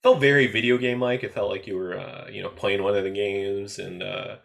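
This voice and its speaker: Guy hosting a podcast, lowish voice, lots of uh and you know. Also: fairly even intonation, a little fast, creaky, a bit bright. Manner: hesitant, many "uh" and "you know" fillers. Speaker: podcast host. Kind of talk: casual chat.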